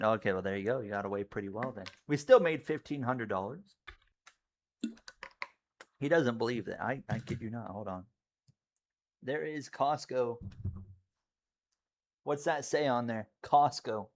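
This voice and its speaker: A man giving casual live commentary on his racing game and chatting with viewers, rambling easily and breaking into loud excited yelling at close moments. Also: medium pitch, normal speed, pauses often.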